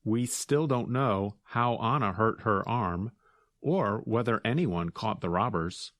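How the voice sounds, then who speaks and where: Slow, low-voiced man teaching English. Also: no room sound, clean studio sound. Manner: calm, slow and clear. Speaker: English lesson co-host. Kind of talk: scripted English lesson.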